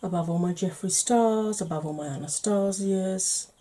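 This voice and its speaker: A woman hosting a soft-spoken makeup tutorial, chatty and explaining each step, tired and yawning. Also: mid-range voice, normal speed.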